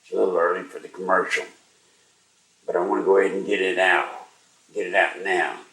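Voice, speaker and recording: An older man hosting a talk radio show, sounding weak and unwell as he slowly urges and pleads with listeners. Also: deep voice, level tone, a bit bright, echoey room, distant mic, poor audio. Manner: slow, strained, pleading and urging listeners to act. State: weak and unwell, struggling to speak. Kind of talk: live talk radio monologue.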